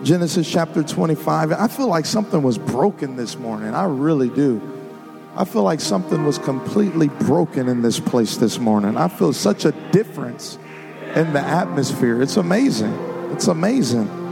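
Male preacher, gravelly voice, sermon that swells into sung shouts, music underneath. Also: on the high side, very animated, normal speed. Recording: music behind the voice.

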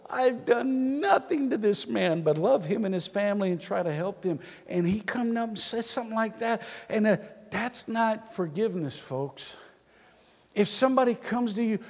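A man preaching a sermon, dropping to hushed prayer and rising to loud, emphatic storytelling. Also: high voice, expressive, normal speed, gravelly, long reverb tail. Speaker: pastor.

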